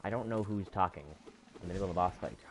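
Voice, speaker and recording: A man's voice: low-pitched, rapid-fire. A male streamer giving live gameplay commentary, rambling and self-critical about his own mistakes.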